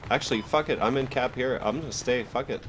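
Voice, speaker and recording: A man with a Canadian accent chatting casually on squad voice chat during a game, relaxed and swearing often. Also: mid-range voice, fast talker, noisy background. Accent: Canadian English. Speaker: gamer recording gameplay.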